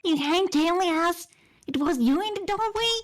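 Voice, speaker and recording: A woman voicing a rough, working-class male London petty crook with a put-on Cockney accent, slangy and cheeky. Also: very high-pitched, moderate pace, over a noisy crowd.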